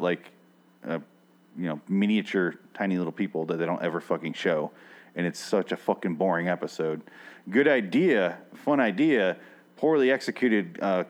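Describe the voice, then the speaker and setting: A man hosting a podcast, recapping an episode in casual, rambling chat full of swearing. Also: sits low. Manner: rambling and sweary, with frequent restarts. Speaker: podcast host.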